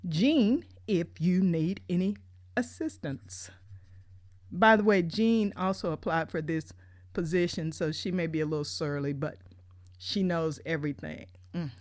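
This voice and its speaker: A woman telling a humorous personal story in an animated, playful way. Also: on the low side, dry recording, clean studio sound. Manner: animated, playful, lots of voice jumps.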